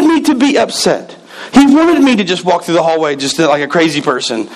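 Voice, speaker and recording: A man's voice: sits high, big pitch swings, fairly quick, low-quality recording. A middle-aged man preaching a sermon, telling a personal story with emphatic repetitions. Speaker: pastor.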